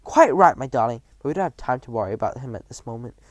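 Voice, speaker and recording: A man's voice: mid-range voice, expressive, fast, no room sound, lightly acted. A man voicing a firm, proper old grandmother. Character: calm, determined old grandmother. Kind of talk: reading a storybook aloud.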